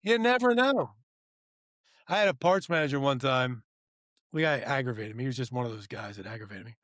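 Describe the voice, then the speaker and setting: This podcast co-host tells a rambling, animated workplace story, acting out both sides of the exchange and repeatedly saying "right?" and "I go." His medium-pitched voice moves a little fast, captured in a dry, studio-quality recording.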